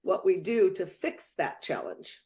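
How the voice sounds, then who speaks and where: A woman's voice: on the low side, sing-song, a little slow, warm tone. A woman co-hosting a motivational podcast, speaking earnestly and from the heart, with many fillers. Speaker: podcast co-host. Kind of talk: casual motivational chat.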